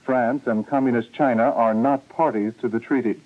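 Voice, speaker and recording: A man anchors an hourly radio newscast, reading the headlines in a steady, formal way. The sound is thin and narrow, like an old broadcast heard through a small speaker. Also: mid-range voice, moderate pace. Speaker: news anchor.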